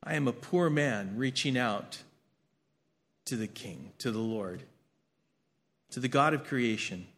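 A man preaching a sermon and reading scripture aloud, earnest, swinging between emphatic lines and hushed ones, often repeating his words. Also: mid-range voice, slow, long pauses. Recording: long hall reverb.

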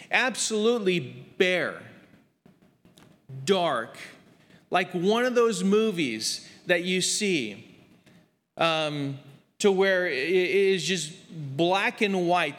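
A man's voice: high-pitched, a bit bright, in a large hall. A man preaching a verse-by-verse Bible study, earnest and emphatic, with frequent fillers.

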